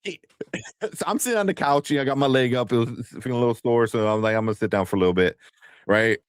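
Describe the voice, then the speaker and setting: A man in his thirties co-hosts a loose movie news stream. He tells stories with animated energy and acts out quotes in a high, mocking voice. The sound is dry and close to the mic, with a middle pitch. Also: fast, smooth, dry recording. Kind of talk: casual chat.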